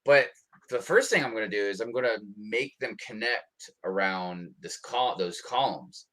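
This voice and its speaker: His fairly low voice moves a little slowly as this American co-hosts a livestream. The talk is laid-back and wandering, peppered with many ums.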